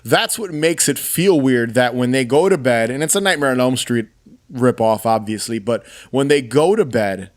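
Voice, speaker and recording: Speaking at a moderate pace in a mid-range voice, a man in his 30s co-hosts a podcast. His casual chat is full of animated, enthusiastic storytelling punctuated by laughs.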